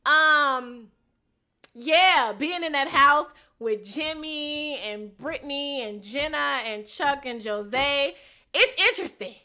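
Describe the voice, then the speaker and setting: A woman's voice: sits high, slow pace, bright, forceful tone. A young woman recapping a reality show episode in a casual vlog, talking bluntly with lots of slang and swearing.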